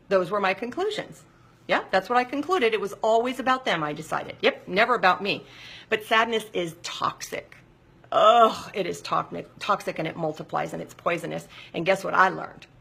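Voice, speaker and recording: A woman hosting a live recovery talk, speaking in a confessional, expressive way and often checking in with "right?". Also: medium pitch, vocal fry, slightly rough.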